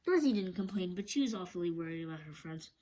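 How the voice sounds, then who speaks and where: A woman reading a children's book aloud, steady but often stumbling and restarting. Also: on the low side, fast, slight background noise, rough recording. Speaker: storyteller.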